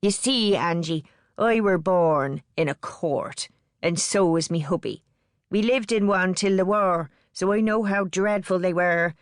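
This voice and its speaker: A woman voicing an elderly bedridden woman with a Liverpool accent who talks slowly and bluntly in dialect, fretful and lecturing. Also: on the low side, dry recording, studio quality, natural voice. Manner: slow, blunt dialect speech.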